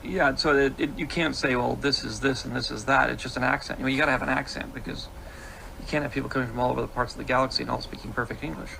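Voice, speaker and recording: Gravelly man explaining calmly. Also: medium pitch. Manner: measured, explains with restarts. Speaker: filmmaker interview guest. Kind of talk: reflective interview talk. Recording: noisy archival interview audio.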